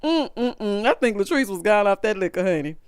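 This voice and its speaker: Fast-talking and animated, a Southern US woman with a smooth mid-range voice gives a casual, gossipy recap of a reality show full of sass, addressing viewers as honey and y'all. The recording is dry and studio-clean.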